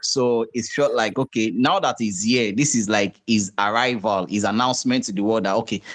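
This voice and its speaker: A man with a Nigerian accent hosting a music podcast in casual chat, relaxed and full of fillers, slipping into pidgin. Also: fairly low pitch, normal speed. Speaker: podcast host.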